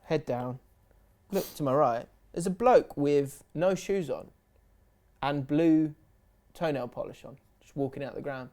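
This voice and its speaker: A young man, co-hosting a casual football podcast, telling stories with quick sweary asides. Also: fairly high pitch. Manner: animated storytelling, laughs, quick sweary asides. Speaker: podcast co-host.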